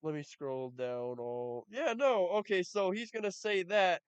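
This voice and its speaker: A man's voice: high voice, lively intonation, a little slow, clear, resonant tone, dry recording, highs cut off. A man giving reaction commentary, talking in a profane, mocking and exasperated way. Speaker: YouTube commentator.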